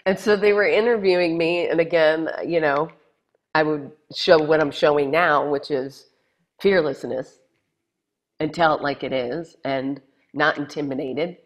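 Low-voiced woman telling lively stories. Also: measured pace. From Texas, USA. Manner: animated, acts out quoted voices. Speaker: guest, former reality show contestant. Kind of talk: casual storytelling interview.

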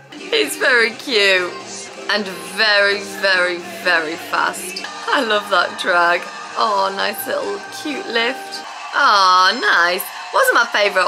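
A woman giving an excited, casual reaction commentary as a dance vlogger, gushing, gasping and exclaiming as she watches. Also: mid-range voice, gravelly. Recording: music playing loudly behind her.

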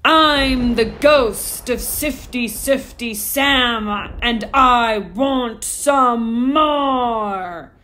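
A woman voicing a huge, greedy male ghost who roars slow, booming demands in a storybook read-aloud. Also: sharp tone, full character voice. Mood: roaring.

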